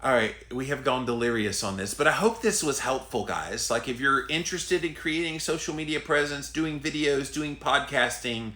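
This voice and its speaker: A middle-aged man with a Southern US accent, hosting a casual live stream and reading out viewer comments in an earnest, chatty, drawn-out way. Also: mid-range voice, animated, sharp tone, roomy sound, slight background noise. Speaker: host.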